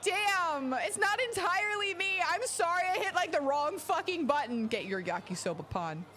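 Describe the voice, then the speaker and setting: A woman streaming a video game in casual, profane chat, swinging between low mutters and excited shouting over game music. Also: normal speed. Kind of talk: casual let's-play chat. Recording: game music playing behind.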